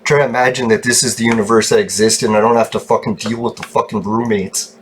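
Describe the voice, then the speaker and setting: A man's voice: fairly low pitch, fairly even intonation, fast talker, a little hiss or hum. A man streaming a game from his room at home, ranting angrily and swearing constantly as he rambles on. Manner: angry, heavy swearing, rambling. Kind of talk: ranting casual stream talk.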